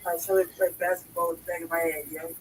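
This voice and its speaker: A sick woman in pain who keeps coughing, talking in a quiet, half-whispered, rambling way as a guest on a talk stream. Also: lowish voice, flat delivery, very fast, far from the mic, a little hiss or hum, poor audio.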